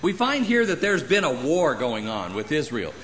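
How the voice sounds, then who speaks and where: A man preaching a sermon in a church, acting out the people in the passage and adding humorous asides. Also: moderate pace. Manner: animated, acts out Bible characters with jumps in pitch. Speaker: pastor. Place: church sanctuary.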